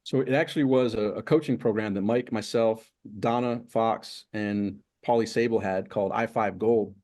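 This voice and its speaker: Mellow-voiced motivational coach man. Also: lowish voice, fairly even intonation, moderate pace. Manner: motivational, emphatic, lists and repeats. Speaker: guest, success coach. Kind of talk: interview conversation.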